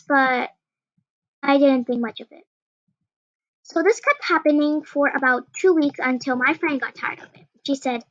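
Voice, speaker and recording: A woman's voice: high-pitched, normal speed, no room sound, lo-fi sound. A teenage girl telling a rambling storytime, full of "like" and restarts. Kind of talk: casual storytime.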